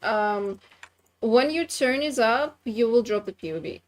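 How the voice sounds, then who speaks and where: A woman's voice: fairly high pitch, expressive, unhurried. A woman co-hosting a stream, casually and patiently explaining to viewers how the queue works. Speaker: stream co-host.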